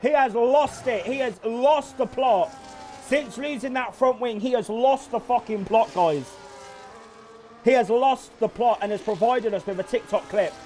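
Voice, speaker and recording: A man giving excitable, swear-filled live commentary on a sim race, often laughing in disbelief. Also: extremely high pitch, unhurried, faint music behind.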